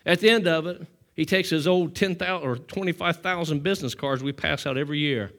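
A man preaching a sermon to his church, telling a story with emphasis and calling for amens, swinging between loud and hushed. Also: fairly high pitch, brisk. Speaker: pastor.

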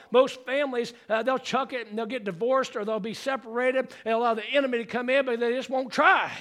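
A man delivers a fervent church sermon in a high-pitched voice. His tone is bright and ringing, and he keeps drawing responses from the congregation. He builds to shouted, rousing exclamations. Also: fairly even intonation, a little fast, few pauses. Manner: fervent preaching that swells into shouts. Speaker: pastor. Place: church sanctuary.

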